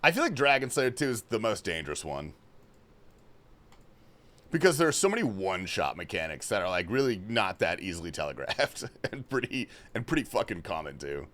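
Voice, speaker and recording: Young male streamer from Australia, loose and profane, with a lively, bouncy delivery. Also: on the low side, brisk. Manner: reads chat questions aloud and answers loosely, swearing often. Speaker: livestream host. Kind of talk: casual gaming stream chat. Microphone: headphones and desk mic.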